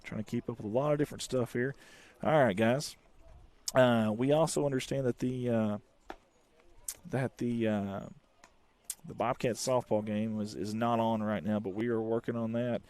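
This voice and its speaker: Male play-by-play announcer, folksy one-man commentary, excited on the calls. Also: mid-range voice, normal speed. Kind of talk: live high school baseball commentary.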